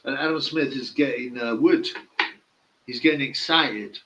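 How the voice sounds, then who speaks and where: A man's voice: mid-range voice, normal speed, pauses often, fairly bright tone, dull audio. A man giving casual live-stream boxing commentary, blunt, mocking and opinionated.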